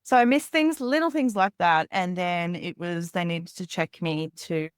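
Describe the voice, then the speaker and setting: A woman's voice: on the low side, moderate pace, clean tone, no echo, studio quality. A woman in her thirties, a podcast guest, telling a personal story candidly in a rambling way with lots of "like".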